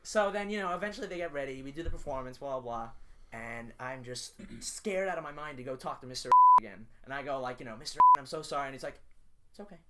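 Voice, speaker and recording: A man's voice: mid-range voice, lively intonation, fast talker, background noise. A teenage boy, a podcast co-host, telling a story in casual chat, with many fillers and laughs. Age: teens. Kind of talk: casual chat among friends.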